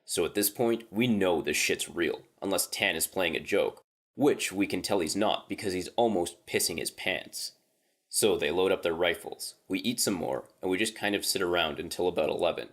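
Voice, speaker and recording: Deep-voiced man reading a horror story. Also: moderate pace, fairly bright tone. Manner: casual, profane storytelling tone.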